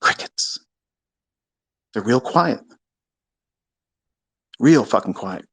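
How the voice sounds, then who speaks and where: A man hosting a live audio room, ranting in a casual, heated way. He is profane, taunting and boastful, and he swings between loud outbursts and low mutters. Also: animated, very slow, slightly rough, no room sound.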